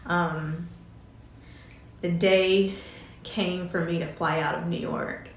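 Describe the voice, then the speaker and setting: A middle-aged woman telling a personal story, halting and emotional, with many fillers and restarts. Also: on the low side, flat delivery, reverberant, slight background noise. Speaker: vlogger telling her story.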